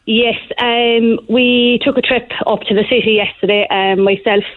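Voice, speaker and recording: A woman's voice: on the high side, no room sound. Woman telling a story down a phone line. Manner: animated storyteller, fast and breathless. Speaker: caller. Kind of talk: phone-in call to a radio show.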